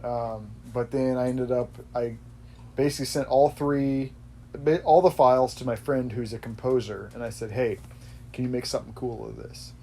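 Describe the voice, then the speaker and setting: A man's voice: medium pitch, steady tone, normal speed, warm tone, a little hiss or hum. A man hosting a podcast, chatting casually in a rambling way that often corrects itself. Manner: rambling, self-correcting, laughs easily. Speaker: podcast host. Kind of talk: casual chat.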